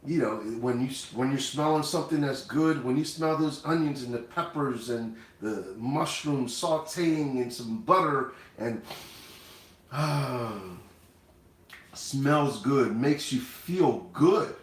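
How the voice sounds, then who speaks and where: A man's voice: medium pitch, slow. A man hosting a cooking livestream, talking casually and speaking directly to his viewers. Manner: conversational, addresses viewers directly. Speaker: cooking show host. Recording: roomy echoey room.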